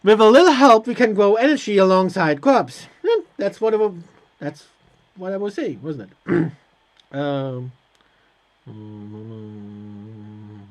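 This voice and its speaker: A man's voice: high voice, animated, slow pace, pauses often. A man hosting a let's play, reading on-screen game text aloud and answering it with hesitant, sarcastic asides. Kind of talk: casual gameplay commentary.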